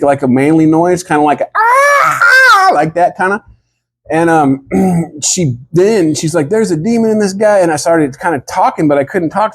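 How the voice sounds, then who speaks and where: A man telling a rambling comic story in a deadpan, drawling way and acting out what the others said. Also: on the high side, husky. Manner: drawling, rambling, acts out the other people's lines.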